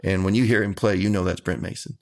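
Deep gravelly Texan man. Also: steady tone, fast talker. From Texas. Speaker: country singer, interview guest. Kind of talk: casual interview talk.

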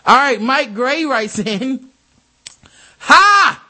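A man with a fairly high voice co-hosts a loose comedy podcast. He reads listener emails and news items aloud and keeps breaking off to joke and swear. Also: expressive, moderate pace, a bit bright. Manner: profane, joking, reads news aloud with riffs. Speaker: podcast co-host. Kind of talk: casual comedic chat, reading listener mail.

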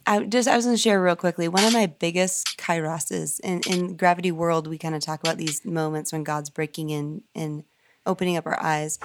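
A woman's voice: on the low side, fairly even intonation, noisy background. A woman sharing a personal story in an earnest, emotional way during a conversation. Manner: earnest, emotional, quick bursts.

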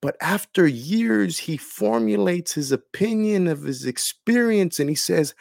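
A man's voice: high-pitched, expressive, unhurried, creaky, darkish tone, no room sound, studio quality. An older man, a pastor, preaching a sermon with stammered repeats and retelling scripture in the first person.

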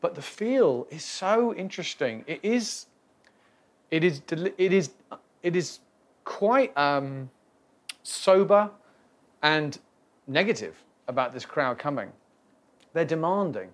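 A man's voice: on the high side, animated, takes it slowly, long pauses. A man teaching on the Bible in a casual, reflective way, often restarting his sentences. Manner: conversational, reflective, with many restarts and fillers. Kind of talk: casual Bible study talk.

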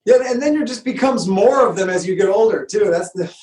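Mid-pitched chatty parent, lots of filler, roomy echo. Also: animated, brisk, a crowd in the background. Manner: chatty, filler-heavy, laughs along. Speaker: podcast co-host. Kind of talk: casual chat.

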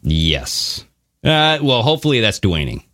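Male podcast co-host, low and sharp-toned, animated casual delivery, dry studio sound. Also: a little slow, no echo. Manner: animated, swearing, mocking voices. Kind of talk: casual conversational podcast talk.

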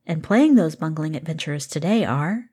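A woman's voice: deep voice, lively intonation, warm tone, husky. A woman hosting a tabletop game podcast as its game master, reading the intro and chatting playfully with the players. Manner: playful, quick asides. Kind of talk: podcast intro and casual chat.

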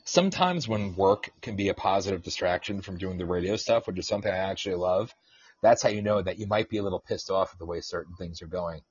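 A man's voice: deep voice, fast talker, breathy edge, dry recording. A man hosting an independent radio show, ranting and teasing his co-host in casual, profane talk. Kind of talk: casual podcast rant. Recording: dull lo-fi sound.

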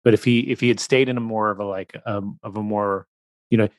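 Low-voiced man musing on a podcast. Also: steady tone, fairly quick, no echo, clean studio sound. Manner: thinks aloud with fillers and restarts. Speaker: podcast host. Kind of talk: casual podcast chat.

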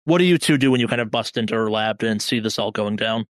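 A man's voice: fairly low pitch, fast, no room sound, studio quality. A man narrating a tabletop game as game master in a casual, hedging way.

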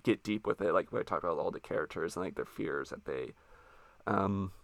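Low gravelly american guy hosting a podcast, loose and chatty, laughing a lot. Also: fairly quick, no echo. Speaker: podcast host. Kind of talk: casual podcast interview.

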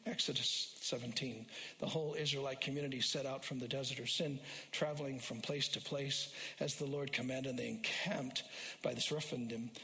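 A man preaching a sermon as a pastor, repeating phrases for emphasis and rising loud and high when he quotes scripture. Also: fairly even intonation, moderate pace. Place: church sanctuary. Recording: long hall reverb.

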